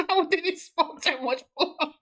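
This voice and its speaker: A woman with a high, fairly bright voice streams her game development work with casual commentary. She swears and laughs helplessly as she reasons through problems aloud.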